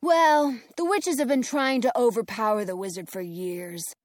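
A woman voicing a literal-minded male castle guard in a storybook, speaking deadpan and matter-of-fact. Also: fairly high pitch, normal speed, dry recording, studio quality, natural voice.

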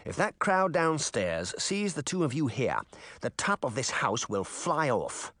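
A man's voice: mid-range voice, big pitch swings, measured pace, fairly bright tone, no room sound, studio quality. A man voicing a smug, scheming prince in an audiobook, with a cold, sneering delivery. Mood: scornful. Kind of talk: audiobook character reading.

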